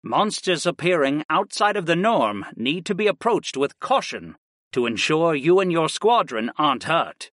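A man's voice: on the high side, a bit bright, no echo, studio quality. A man doing a cautious older headmaster mage. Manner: earnest warning tone.

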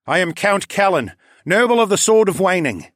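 Brief: male reader as a young lord with a cold, commanding edge, pitched a bit high, dry close sound. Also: big pitch swings, moderate pace, a bit bright, no room sound, full character voice. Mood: icy. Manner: icy, clipped, authoritative.

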